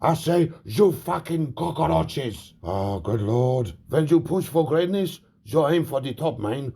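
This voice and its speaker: A man's voice: on the high side, animated, slow, vocal fry, warm tone, husky, heavily acted. A man voicing a hot-tempered foreign male football manager who rants and threatens. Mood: ranting. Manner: ranting, threatening.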